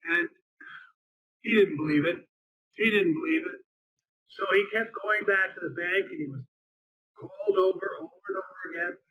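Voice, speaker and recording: A man's voice: high-pitched, moderate pace, pauses often, pushed and bright, poor audio. A man telling a personal story in an earnest way, repeating phrases for emphasis. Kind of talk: storytelling talk.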